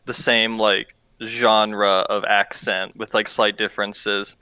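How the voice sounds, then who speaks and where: A man's voice: on the low side, level tone, slow pace, pushed and bright, clean tone, no echo. A young man from Oklahoma hosting a podcast, chatting casually in a laid-back, rambling way and swearing freely. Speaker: podcast host. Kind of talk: casual chat.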